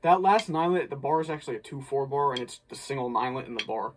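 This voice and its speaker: A man's voice: medium pitch, quick pace, very noisy. Casual man explaining a drum part. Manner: relaxed, thinks aloud with restarts. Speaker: drumline instructor. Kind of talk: casual instructional breakdown.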